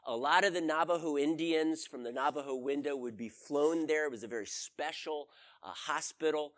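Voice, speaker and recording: A man with a fairly bright, higher voice preaches a conversational sermon at a normal speed. He tells stories and puts questions to his audience.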